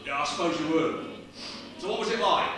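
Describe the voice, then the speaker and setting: A man's voice: fairly high pitch, animated, a little fast, lightly acted. An actor playing a famous joking male stage comedian, firing off gags with a chuckling laugh in a stage play. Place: small studio theatre stage. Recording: roomy theatre sound from far off, music.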